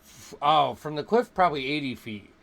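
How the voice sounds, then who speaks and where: A man running a tabletop game as game master, talking in halting starts with repeated words and frequent laughs. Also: a little high, animated, vocal fry, fairly bright tone.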